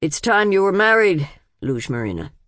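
A woman's voice: medium pitch, big pitch swings, moderate pace, a bit bright, dry recording. A woman voicing a stern, dismissive older male city patriarch who speaks in a dry, clipped voice. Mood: cold. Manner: cold, curt pronouncements.

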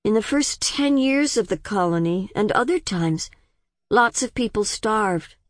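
A woman's voice: on the high side, sing-song, normal speed, no room sound, studio quality, pitched above the performer's own voice. A woman voicing a curious, defiant young woman of twenty who keeps asking pointed questions. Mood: probing.

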